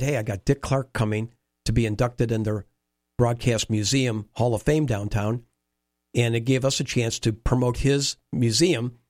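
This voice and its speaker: A man telling animated anecdotes in a conversation, acting out quoted dialogue. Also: medium pitch, no room sound, studio quality. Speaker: interview guest, former baseball team staffer. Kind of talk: storytelling conversation.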